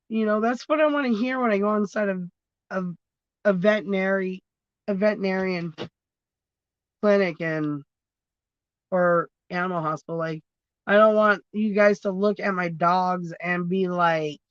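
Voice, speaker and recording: A woman's voice: fairly low pitch, no echo, dull audio. A woman chatting casually on a phone livestream, rambling between topics, swearing freely and laughing often. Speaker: livestream host.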